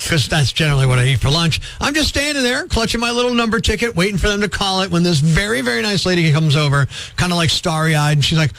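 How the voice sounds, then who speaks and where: A man's voice: high voice, quick pace, few pauses, no room sound, rough recording. A middle-aged man, a radio morning host telling self-deprecating stories in casual banter. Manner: self-deprecating, animated storyteller. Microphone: studio microphone.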